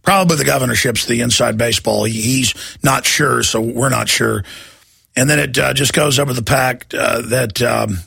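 A male talk host rants through a sarcastic political monologue in a gravelly, raspy voice. His tone is bright and edgy and sits a bit high for a man. The recording is close and dry. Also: normal speed, dry recording. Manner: combative, sarcastic, ranting.

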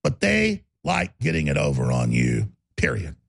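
Talk radio host, male, gravelly ranter with a husky bark, swinging wildly in pitch. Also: wildly swooping pitch, moderate pace. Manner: bellowing, emphatic rant. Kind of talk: ranting talk radio monologue.

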